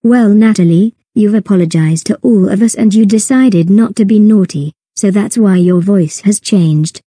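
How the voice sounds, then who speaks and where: A woman's voice: mid-range voice, normal speed, warm tone, husky, no room sound, lightly acted. A woman voicing a kind, encouraging cartoon big sister.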